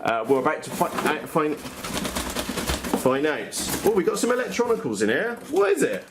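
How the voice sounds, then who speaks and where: A man's voice: on the high side, huge pitch swings, unhurried, very noisy. A man giving casual, blunt unboxing commentary on radio-control models, with plenty of fillers and restarts. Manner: chatty, blunt, frequent uh fillers and self-corrections. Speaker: RC model hobbyist vlogger.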